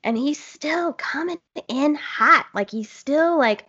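A woman talks through a film in a casual, blunt way, cursing freely and gushing with enthusiasm. Her voice sits a little high, and the recording sounds dull and lo-fi. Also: animated, takes it slowly, sharp tone. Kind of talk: casual movie discussion.

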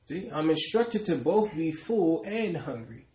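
A man's voice: fairly high pitch, very animated, unhurried, a little mellow, reverberant. A man preaching a sermon, stressing his points and calling out to the congregation again and again. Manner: emphatic, repeatedly addresses the congregation.

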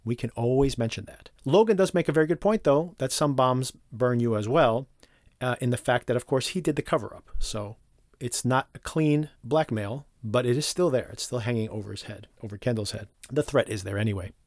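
A man hosting a solo podcast, recapping a TV episode in an animated, conversational way and acting out characters' lines. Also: medium pitch, brisk, dry recording, clean studio sound. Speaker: podcast host.

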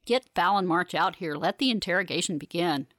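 A woman voicing a stern male security commander with a measured, blunt manner. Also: fairly low pitch, lively intonation, fairly bright tone, no room sound, studio quality.

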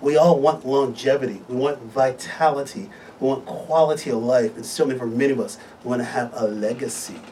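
A man's voice: mid-range voice, fairly quick, hardly any pauses, mellow, distant mic, a little hiss or hum. A man hosting a live health talk show from a radio studio, upbeat and promotional.

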